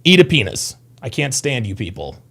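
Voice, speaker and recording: A man's voice: medium pitch, wildly swooping pitch, moderate pace, gravelly, a bit bright. A man in his thirties hosting a casual livestream, rambling and profane as he reads chat comments. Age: 30s. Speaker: livestream host.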